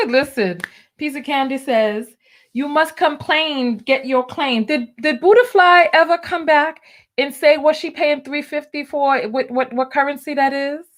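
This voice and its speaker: Woman, livestream host, casual chat, talks straight to viewers, a little high-pitched. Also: expressive, a little slow.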